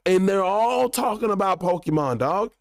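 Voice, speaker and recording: A man hosting a show, giving a heated, profane ranting commentary in an animated way. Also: sits high, normal speed, dry recording, clean studio sound. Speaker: show host.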